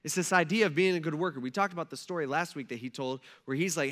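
A man preaching a sermon in a casual, animated way, swinging between soft asides and loud emphasis, often checking in with "right?". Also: on the high side, quick pace, few pauses. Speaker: pastor.

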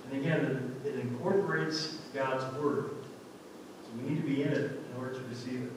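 A man's voice: medium pitch, fairly even intonation, fairly quick, far from the mic, a little hiss or hum. Man preaching in an echoey hall. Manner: earnest, conversational, digressive. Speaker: pastor. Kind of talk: sermon. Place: church sanctuary.

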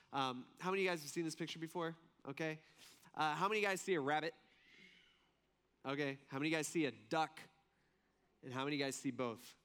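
A fairly high-pitched man preaches in a casual, chatty way, often stopping to quiz the crowd and restarting his thoughts mid-sentence. His voice rings out with a long reverb tail, as in a big hall. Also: fairly bright tone. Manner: conversational, questioning the audience, frequent fillers and restarts. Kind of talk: sermon.

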